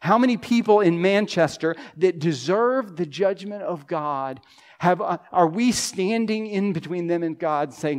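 A man's voice: high voice, a little slow. A male pastor preaching an impassioned sermon in a church, voicing pleading prayers. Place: church sanctuary.

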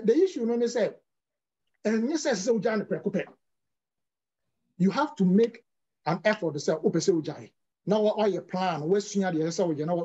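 A high-pitched man with a mellow, dark tone explains diet and health questions patiently, mixing in English terms and sometimes restarting his words. The sound is dull and lo-fi, like a broadcast. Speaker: health speaker answering questions.

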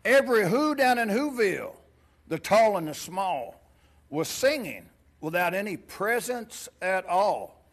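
In a church sanctuary, a pastor with a high-pitched, sing-song voice speaks at a measured pace. He gives a playful children's sermon, asking the kids many questions and reading a storybook aloud.

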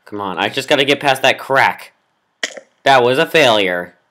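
A gameplay commentator who rages melodramatically at the game, groaning and yelling at every failure. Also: medium pitch, expressive, moderate pace. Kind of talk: raging let's-play commentary.

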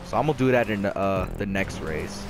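A young man giving casual commentary while playing a racing game, yelling when hyped and muttering when losing. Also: low-pitched, fairly quick. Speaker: gaming YouTuber. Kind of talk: live gameplay commentary. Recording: game audio noise behind voice.

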